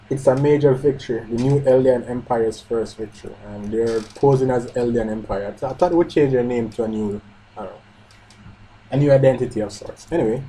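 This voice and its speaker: A man's voice: mid-range voice, husky, rough recording. A man hosting a live manga reaction, reading the dialogue aloud and breaking off with blunt, sweary comments. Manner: reads panels aloud, breaks off to comment, swears and shouts in outrage.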